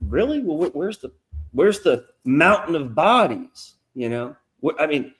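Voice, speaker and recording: Animated, profane male storyteller. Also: on the high side, a little slow. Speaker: guest comic creator. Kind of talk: casual interview chat. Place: lives in North Carolina.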